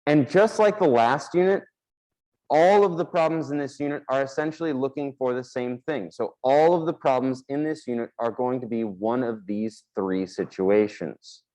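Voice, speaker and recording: A man's voice: mid-range voice, normal speed, warm tone, poor audio. Man explaining math at the board. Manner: casual, explanatory, with fillers; talks while drawing on a board. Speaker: math teacher. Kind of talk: classroom lecture at a board.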